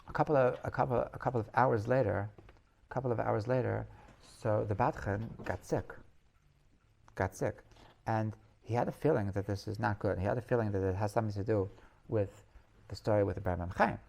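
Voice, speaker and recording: A man's voice: on the low side, fairly even intonation, moderate pace, vocal fry, a little mellow. A male rabbi telling stories in a class, rambling, restarting phrases and laughing at his own tales. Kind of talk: storytelling Torah class.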